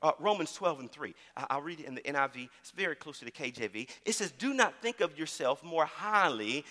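A man preaching a sermon in a church, calling out to the congregation and repeating phrases as he builds to shouts. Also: on the high side, expressive, fairly quick, big-room sound. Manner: call-and-response preaching, repeats words, rising to shouts. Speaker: pastor.

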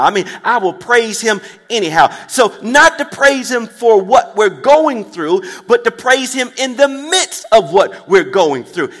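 Male preacher, very high voice, call-and-response delivery, long hall reverb. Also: fairly bright tone. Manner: emphatic call-and-response, repeats phrases, checks in with listeners. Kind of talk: sermon.

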